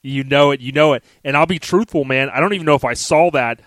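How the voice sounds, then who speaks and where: A man's voice: medium pitch, quick pace, fairly bright tone, dry recording. A man in his forties hosting a podcast, talking in a laid-back, slangy way and laughing often. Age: 40s. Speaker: podcast host. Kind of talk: casual podcast chat.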